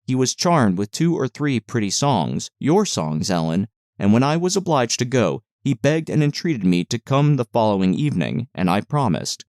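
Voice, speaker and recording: A mid-range male voice narrates a classic novel as an audiobook, reading in a measured, expressive way. The recording has studio quality and no room sound.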